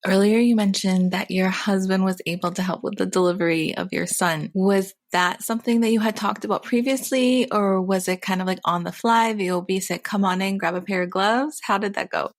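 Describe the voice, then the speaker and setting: A woman's voice: mid-range voice, fairly even intonation, a little fast, few pauses. A woman podcast host asking her guest curious, conversational questions. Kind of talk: interview questions.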